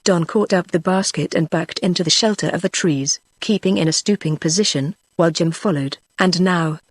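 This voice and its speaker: A text-to-speech voice reading a novel aloud at an even, unhurried pace. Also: mid-range voice, dry recording. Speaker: audiobook narrator. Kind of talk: synthetic text-to-speech narration.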